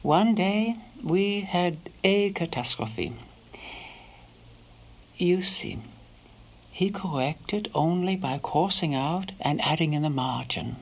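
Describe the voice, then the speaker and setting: A woman playing a devoted elderly housekeeper, recalling her employer in a soft first-person monologue that sometimes sinks to a whisper. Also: on the low side, lively intonation, slow, pauses often, full character voice, low-quality recording. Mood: wistful. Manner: soft-spoken, slips into hushed whispers.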